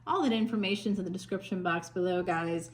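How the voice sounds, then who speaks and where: A woman's voice: lowish voice, brisk, poor audio. Woman doing a chatty tarot reading, northern us accent slipping southern, lots of ums and restarts, faint hum behind. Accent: Northern US, drifting Southern. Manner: chatty, warm endearments, frequent fillers and restarts. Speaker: psychic tarot reader.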